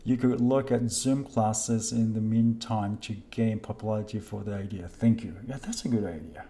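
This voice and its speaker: A man chatting casually on a live stream as a kendo instructor, reading viewer comments with a halting, polite manner. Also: lowish voice, steady tone, mellow. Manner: hesitant, halting, many restarts while reading names; polite, thanks viewers often.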